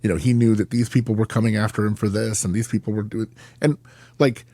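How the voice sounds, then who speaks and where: A man talking as a guest on an interview podcast, measured and thoughtful with frequent fillers. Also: lowish voice, fairly even intonation, mellow, no room sound. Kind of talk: interview conversation.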